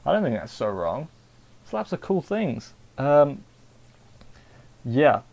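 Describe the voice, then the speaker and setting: English male reviewer, casual and rambling, mid-pitched, chatty with lots of restarts. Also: sing-song, slow, vocal fry, highs cut off. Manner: rambling, chatty, self-interrupting. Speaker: anime reviewer.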